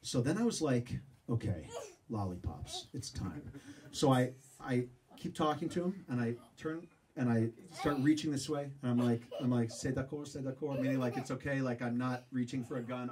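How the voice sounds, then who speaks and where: Man on stage, lively self-mocking storyteller, middle pitch, picked up from a distance. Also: moderate pace. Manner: animated, self-mocking storyteller who acts out voices. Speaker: speaker telling a story to a live audience. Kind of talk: storytelling talk. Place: room with a live audience.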